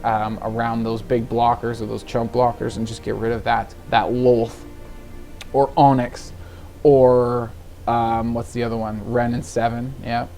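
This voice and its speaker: A man in casual, rambling commentary as he walks through a card game deck and plays, laughing at his own slips and sounding a little tired. His voice sits at an ordinary middle pitch. Faint music plays quietly behind him. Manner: rambling, chatty, laughs at himself. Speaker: gaming video host.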